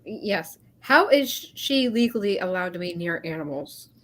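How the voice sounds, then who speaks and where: A woman's voice: lowish voice, animated, measured pace, fairly bright tone. A woman joining a casual group chat, upset and questioning, apologizing for swearing. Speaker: chat participant.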